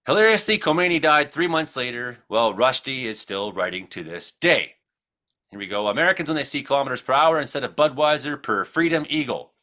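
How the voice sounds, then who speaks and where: A man's voice: medium pitch, lively intonation, a little fast, sharp tone. A Canadian man hosting a comedy weather show, chatting casually, joking and swearing freely.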